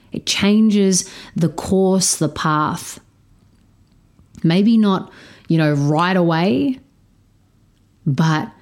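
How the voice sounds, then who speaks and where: A woman's voice: lowish voice, darkish tone. A woman hosting a solo podcast, talking frankly and emphatically about parenting, with plenty of swearing. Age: adult stepparent. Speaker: podcast host.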